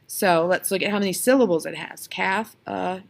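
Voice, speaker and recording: A woman's voice: on the low side, quick pace, a little mellow. A woman teaching a lesson on video, patiently explaining step by step and sounding out spoken examples.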